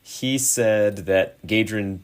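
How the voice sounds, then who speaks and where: A low-voiced man narrates as game master of a tabletop game. He lays out the story for his players in a relaxed, easygoing way and laughs often. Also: slow pace, smooth.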